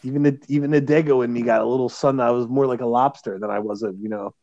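A man's voice: medium pitch, steady tone, fast talker, vocal fry, darkish tone, no echo, dull audio. A man on a casual podcast, rambling through a travel story and laughing as he goes. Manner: rambling, laughing, mimics voices in anecdotes. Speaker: podcast co-host.

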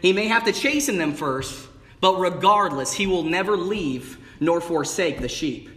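A young man preaching with a high, bright-pitched voice, bursting into emphatic peaks and calling out to his congregation. His sermon rings through a church hall with a long, echoing reverb. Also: animated, a little slow. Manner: exuberant, rising to emphatic bursts with call-outs of "amen" and "hey". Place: church sanctuary.

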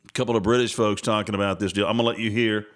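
A man's voice: on the low side, steady tone, very fast. A man hosting his own podcast, rambling through casual political commentary with a sarcastic, self-interrupting manner. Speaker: podcast host.

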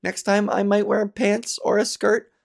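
A woman's voice: level tone, unhurried, creaky, a little mellow. A woman hosting her own podcast in a rambling, self-deprecating monologue, with a scratchy, slightly sore voice and plenty of swearing. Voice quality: scratchy low voice. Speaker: podcast host. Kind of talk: casual solo monologue.

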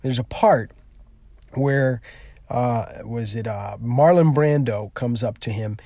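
A man explaining a classroom activity, rambling and full of restarts. His voice is mellow and dark. The recording is dry and close. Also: mid-range voice, slow pace, no room sound. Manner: rambling, many fillers and restarts. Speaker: teacher.

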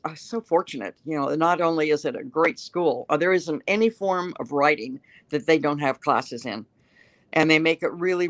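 A woman's voice: low-pitched, fairly bright tone, no room sound. Older lady guest rambling through funny stories, pokes fun at herself, dry close sound. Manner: chatty, self-mocking storyteller with laughs. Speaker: guest, writer. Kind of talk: casual interview chat, storytelling.

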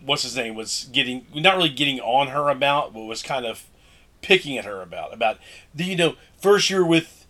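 Podcast co-host, man, mid-pitched and bright, chips in with corrections and dry jokes. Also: lively intonation, moderate pace. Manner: chimes in with corrections and dry asides. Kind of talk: casual movie recap chat.

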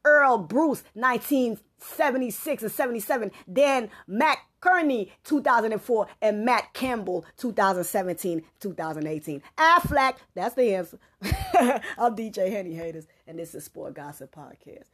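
A woman's voice: a little high, expressive, moderate pace, fairly bright tone. A woman hosting a sports podcast, reading scores in a loose, slangy, playful way and slipping into a preachy tone. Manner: loose and playful, slangy, laughing, drops into a gospel tone. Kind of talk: casual sports chat. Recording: music playing underneath. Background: music.

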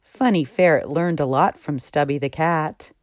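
A woman host narrating a children's story in an expressive storytelling manner. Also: low voice, moderate pace, no echo, studio quality.

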